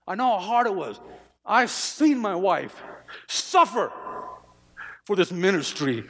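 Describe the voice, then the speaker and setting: A man's voice: high voice, sing-song, takes it slowly, fairly bright tone. A male pastor preaching a sermon, emphatic, repeating phrases and stammering through restarts. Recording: long hall reverb.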